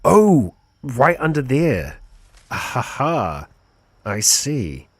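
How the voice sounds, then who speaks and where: A man's voice: mid-range voice, very slow, slightly rough, dry recording. A man streaming a video game, chatting casually and thinking aloud as he plays. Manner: relaxed, chatty, thinking aloud, chuckles between lines. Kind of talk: casual gameplay commentary.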